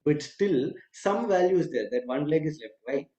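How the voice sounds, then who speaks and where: A man with a mellow, warm voice tells a scripture story as a lecture. He acts out the lines of each character and stops now and then with an aside. The sound is roomy and echoey. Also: on the high side, lively intonation, normal speed, dull audio. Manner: retells the tale with quoted lines and asides, some hesitant fillers. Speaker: spiritual teacher.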